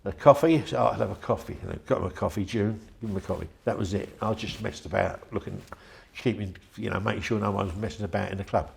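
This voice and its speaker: An older man tells his story in a chatty, meandering way, slipping into the voices of the people he remembers. His voice sits fairly low and carries a gravelly rasp. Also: fast talker, few pauses. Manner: rambling, chatty, acts out quoted voices. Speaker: interviewee. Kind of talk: anecdotal storytelling.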